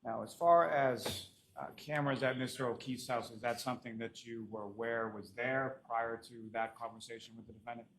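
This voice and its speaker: A man with a Boston accent questions a witness in a formal, polite way as a prosecutor, pausing often on "uh". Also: mid-range voice, fairly even intonation, slight background noise. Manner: formal, polite, with frequent "uh" pauses. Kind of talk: courtroom examination.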